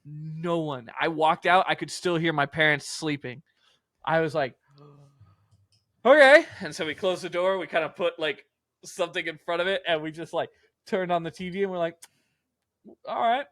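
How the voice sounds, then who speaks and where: A man's voice: fairly high pitch, fairly even intonation, a little fast, a bit bright, dry recording. A young man casually telling a long story on a podcast, rambling and swearing with lots of filler words. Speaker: podcast co-host.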